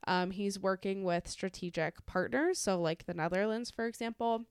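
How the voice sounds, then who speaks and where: A woman co-hosting a casual podcast, talking through the news in a loose, chatty way and swearing freely. Her voice is smooth and clear. The recording is dry and close, with no room sound. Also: mid-range voice, moderate pace, no echo. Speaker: podcast co-host.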